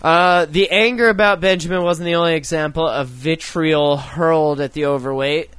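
A man's voice: fairly high pitch, fairly even intonation, moderate pace, fairly bright tone, clear, resonant tone, dry recording. A man hosting a casual chat show, reading out news items and joking, often swearing and breaking into laughter. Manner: profane, giggly, joking. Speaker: podcast host.

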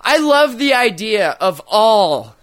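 A man's voice: high voice, sing-song, takes it slowly, a bit bright, dry recording. A man co-hosting a crude comedic chat show, profane and provocative, laughing often. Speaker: podcast co-host.

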